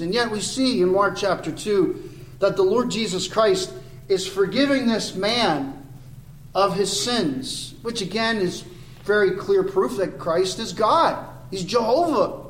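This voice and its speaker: A man's voice: high voice, fairly bright tone, echoey room, a little hiss or hum, poor audio. A man preaching an expository sermon in a church, earnest and building to emphatic declarations.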